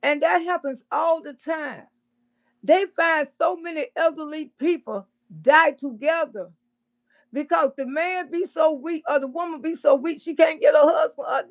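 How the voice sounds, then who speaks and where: A woman doing casual livestream commentary, blunt and profane, with loud bursts of laughter. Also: sits high, moderate pace, lo-fi sound.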